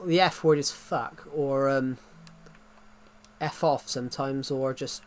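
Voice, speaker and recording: A man's voice: mid-range voice, fairly even intonation, takes it slowly. A man chatting casually on a livestream, rambling and often restarting his sentences. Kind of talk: casual stream chat.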